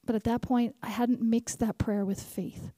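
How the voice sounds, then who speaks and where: A woman preaching at a conference, animated, repeating key lines and asking the crowd questions. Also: a little high, normal speed, no echo, studio quality. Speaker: conference speaker. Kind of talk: sermon.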